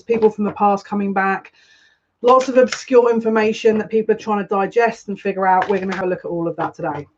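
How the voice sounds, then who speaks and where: A woman hosting a casual live psychic reading stream, chatty and rambling, greeting viewers by name. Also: medium pitch. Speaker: psychic tarot reader. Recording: dull lo-fi stream audio with faint noise.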